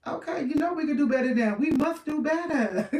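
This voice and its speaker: A middle-aged woman livestreams, chatting casually with viewers, rambling and laughing often. Her high voice is animated and a little mellow at a normal pace. The distant mic gives a roomy, off-mic sound.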